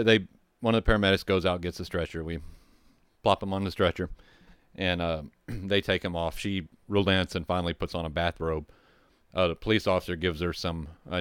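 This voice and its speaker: A man with a deep, smooth voice recounts a call from his firefighting days in a loose, rambling way. He swears freely and circles back with asides and restarts. The recording is close and dry, with no room sound. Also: dry recording. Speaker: firefighter telling a call story. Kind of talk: casual storytelling.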